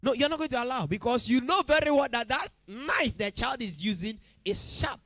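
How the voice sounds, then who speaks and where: A man's voice: very high-pitched, lively intonation, moderate pace, sharp tone, no echo, studio quality. A man with a Ghanaian accent preaching a midweek church sermon, emphatic, repeating phrases and questioning the congregation directly. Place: church service.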